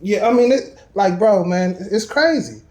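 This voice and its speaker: A man in casual chat, telling a personal story with animated emphasis and street slang. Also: high-pitched, a little slow.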